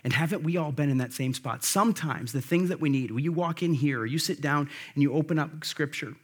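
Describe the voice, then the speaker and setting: A man's voice: on the high side, a little fast, breathy edge. A man preaching a conversational sermon, emphatic and full of rhetorical questions to the congregation. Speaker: pastor.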